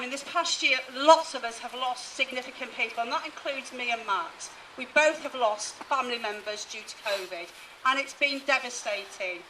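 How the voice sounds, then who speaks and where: A woman's voice: a little high, bright, forceful tone, far from the mic, slight background noise, rough recording. A woman NHS worker giving an indignant protest speech at an outdoor rally. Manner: indignant, rising to emphatic questions.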